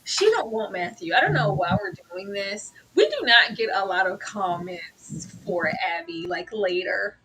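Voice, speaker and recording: A woman co-hosting a TV review show in casual chat, animated and laughing as she acts out characters' lines. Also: medium pitch, measured pace, few pauses, husky.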